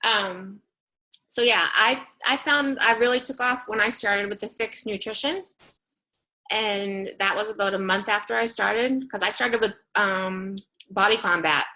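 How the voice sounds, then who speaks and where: A woman's voice: medium pitch, steady tone, unhurried, sharp tone. A woman telling her story on a team video call, chatty and full of fillers. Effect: robotic distortion at times. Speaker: guest speaker.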